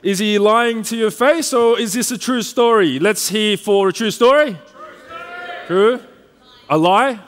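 A man's voice: high voice, measured pace. An Australian man hosting a live launch event, playful and upbeat as he drives the audience along. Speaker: event host. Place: large conference hall. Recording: reverberant conference hall.

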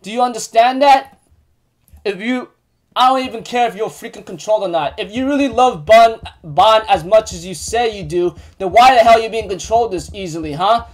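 A man voicing a brash, jealous young woman knight who talks loudly and taunts. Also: high-pitched, brisk, pitched above the performer's own voice, close to an everyday voice, low-quality recording. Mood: indignant. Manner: loud and taunting.

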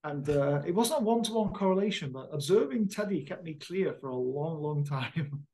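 A man's voice: on the high side, lively intonation, moderate pace, mellow, slight background noise, low-quality recording. A middle-aged man, an astronomer, chatting casually and explaining with enthusiasm. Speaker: astronomer and former program manager. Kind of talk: casual conversation.

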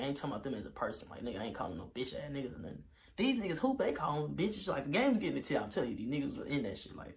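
A young man, telling a story in a casual vlog, animated and slangy, getting loud when he quotes himself. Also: on the high side, a little hiss or hum. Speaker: vlogger.

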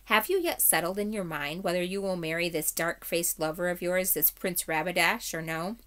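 A woman's voice: on the low side, moderate pace, fairly bright tone, close to an everyday voice. A woman reading aloud and voicing a young king who speaks in a formal, old-fashioned way. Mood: grave.

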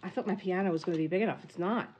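A woman hosting a casual unboxing vlog at home, gushing and softly exclaiming as she talks into a phone on a tripod. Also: lowish voice, very fast, noisy background. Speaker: crafting channel host.

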